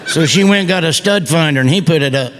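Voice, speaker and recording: A man's voice: fairly high pitch, fast talker, over a noisy crowd, heavy background noise. A man with a Southern US accent doing a stand-up comedy set, telling rowdy stories and acting out voices on stage. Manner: rowdy storytelling, acts out voices. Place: stage before a live audience. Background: audience laughter.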